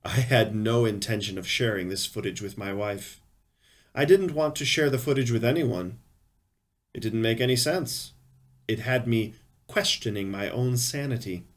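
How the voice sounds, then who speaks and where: Man reading gritty first-person crime fiction. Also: lowish voice. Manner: measured, grave storytelling. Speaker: reader.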